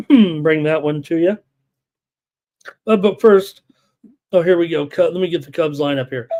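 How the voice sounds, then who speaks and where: A man's voice: fairly high pitch, animated, unhurried, warm tone, highs cut off. A man hosting a live sports betting show, reading statistics, viewer chat and lineups with many filler words. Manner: rattles off numbers and lineups, many filler uhs.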